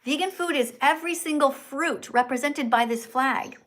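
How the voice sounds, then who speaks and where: A woman hosts a livestream chat and lectures with steady insistence. Her voice sits fairly high, and she breaks in on the guest to press her point. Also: moderate pace. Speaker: livestream host.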